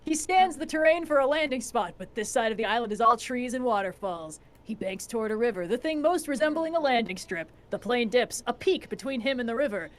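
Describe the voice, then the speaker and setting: A woman's voice: a little high, animated, brisk, few pauses. A woman hosting a stream, reading a screenplay's stage directions aloud with wry asides. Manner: wry, adds snarky asides. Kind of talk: casual screenplay read-aloud.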